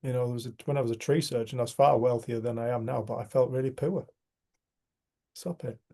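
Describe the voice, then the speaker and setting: A man's voice: mid-range voice, flat delivery, fast, dark tone. A man leading a casual community group discussion, talking in an earnest, emphatic way. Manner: earnest, emphatic, swears mildly.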